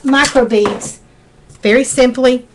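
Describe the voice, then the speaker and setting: This is a middle-aged woman with a warm Southern US drawl, a little higher-pitched than most. She walks viewers through a craft project in a folksy, chatty way, talking along as she works. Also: slow, slight background noise. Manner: chatty, folksy, talks while working. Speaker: craft demonstrator. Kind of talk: live craft tutorial.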